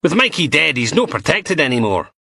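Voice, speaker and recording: A man's voice: on the high side, very animated, fairly quick, vocal fry, sharp tone, slightly rough, dry recording, pitched above the performer's own voice, heavily acted. A man voicing a blunt, chain-smoking female police inspector with a Scottish accent, dry and sardonic.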